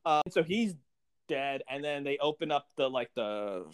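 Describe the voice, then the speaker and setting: Guy chatting about last night's episode, smooth clear voice, kinda higher pitch, dry close sound. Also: unhurried, no room sound. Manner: animated, acts out characters' lines. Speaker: podcast co-host. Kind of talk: casual TV recap chat.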